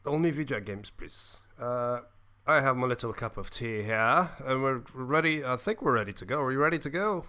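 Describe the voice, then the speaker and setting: A young man with a bright, forceful voice chats loosely on a podcast he co-hosts. He jokes around and fills his talk with "uh" and "like" as he rambles. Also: mid-range voice, moderate pace. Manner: jokey, rambling with fillers. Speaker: podcast co-host. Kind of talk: casual chat.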